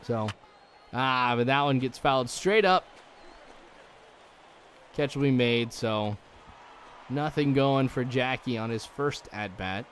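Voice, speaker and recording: A man's voice: mid-range voice, slow, pauses often, fairly bright tone, slight background noise. A young man giving rambling, chatty let's-play commentary, full of likes and ums, chuckling now and then. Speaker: gaming channel host.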